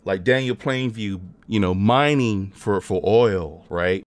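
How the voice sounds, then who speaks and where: A man's voice: lowish voice, slow pace, no room sound. A man co-hosting a podcast, giving a thoughtful, reflective critique of a film in casual chat. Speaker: podcast co-host. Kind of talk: casual movie review chat.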